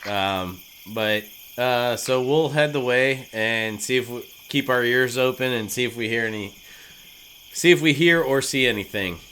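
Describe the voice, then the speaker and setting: In a low-quality recording with slight background noise, a man plays a tabletop game, rambling and joking with lots of filler words. His medium-pitched voice is bright and forceful, with a slightly slow pace.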